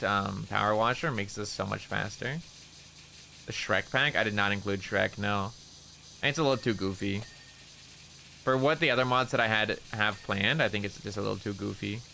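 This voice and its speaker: A man's voice: on the low side, fairly quick, gravelly, bright, forceful tone, slight background noise. A man chatting casually on a gaming stream, rambling through funny stories with lots of laughing and swearing. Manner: rambling, laughing storyteller who swears a lot.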